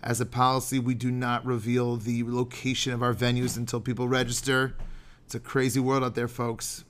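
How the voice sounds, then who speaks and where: A man's voice: mid-range voice, completely flat delivery, normal speed, slight background noise. A middle-aged man hosting a podcast as a rabbi, talking in a chatty, jokey, digressive way and sometimes chanting Hebrew prayer lines. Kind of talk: animated podcast sermon.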